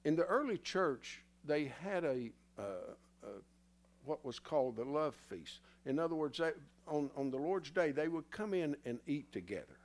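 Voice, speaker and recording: A man's voice: a little high, animated, moderate pace. A man preaching a sermon in a church in a folksy, teasing way, somewhat out of breath. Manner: folksy, teasing the congregation, spells words letter by letter.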